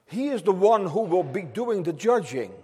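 A man with a notably high voice delivers an emphatic sermon to his congregation. He repeats phrases for weight, and his words ring out with a long reverb in the church hall. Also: sing-song, normal speed, mellow, slightly rough. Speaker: pastor.

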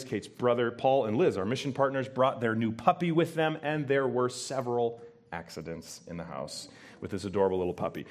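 Emphatic male pastor preaching a sermon. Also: mid-range voice. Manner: animated, emphatic, asks the congregation questions. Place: church before a congregation.

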